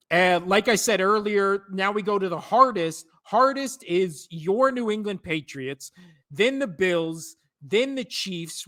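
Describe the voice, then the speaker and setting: A young man co-hosting a podcast in casual chat, talking fast, swearing freely and laughing often. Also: a little high, a bit bright. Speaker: podcast co-host.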